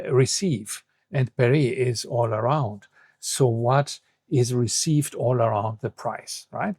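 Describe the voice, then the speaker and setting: A male language teacher with a gravelly, slightly husky voice explains a lesson in a patient, step-by-step way. He reads each phrase aloud, translates it and then unpacks the grammar. The recording is dry, with no room echo. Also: mid-range voice, a little mellow.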